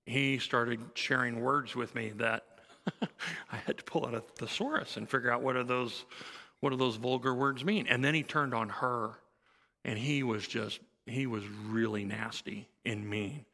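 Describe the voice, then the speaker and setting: A man's voice: medium pitch, steady tone, unhurried, pushed and bright, in a large hall. A man preaching a sermon, telling a counseling story in a conversational way and acting out the dialogue. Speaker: pastor.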